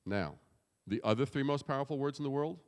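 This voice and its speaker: A man's voice: medium pitch, lively intonation, brisk, a little mellow, smooth. Punchy male keynote speaker in a reverberant hall. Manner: punchy, emphatic, swears casually. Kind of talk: conference keynote. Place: conference hall.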